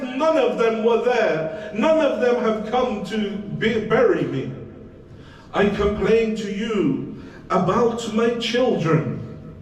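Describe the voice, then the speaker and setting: A man preaching a sermon, voicing a dead man who pleads and laments from his grave in high, anguished cries. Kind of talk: sermon storytelling. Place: hussainia prayer hall. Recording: echoey hall, distant mic, faint noise.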